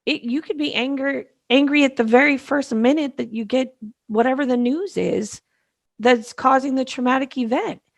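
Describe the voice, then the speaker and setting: A woman's voice: high-pitched, normal speed, vocal fry, dry recording. A middle-aged woman co-hosting a podcast, speaking emphatically in casual conversation and repeating words for stress. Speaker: podcast co-host, grief specialist.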